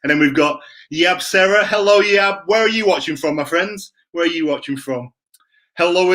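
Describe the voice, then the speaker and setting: This livestream host speaks in a fairly high, fairly bright tone. Running a live Q and A chat, he welcomes viewers by name, cheerful and talkative.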